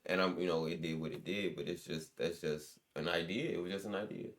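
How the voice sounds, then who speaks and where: A man's voice: low voice, fairly even intonation, fairly quick. A young man, a guest musician, telling stories in loose, slangy casual chat with lots of restarts.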